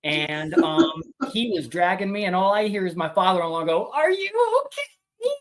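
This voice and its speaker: A man, a homesteader guest on a podcast, telling a funny animal story in a casual, animated, self-deprecating way. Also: sits high, moderate pace, background noise.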